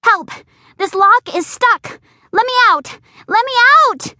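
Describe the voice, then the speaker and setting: A woman voicing an excitable, dramatic young girl who talks in a shrill, breathless way. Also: measured pace, no room sound, studio quality, heavily acted. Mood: panicked.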